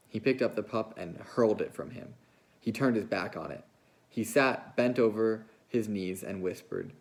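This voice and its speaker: Low gravelly man reading a novel aloud. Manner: steady, measured storytelling. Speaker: teacher.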